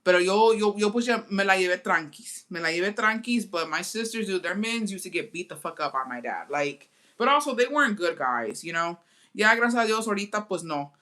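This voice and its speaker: Young bilingual storyteller, bright sharp voice, swears a lot, flips between english and spanish, chatting right at the viewers. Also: mid-range voice, expressive, fairly quick. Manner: chatty, addresses viewers directly. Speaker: storytime vlogger. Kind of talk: casual storytime.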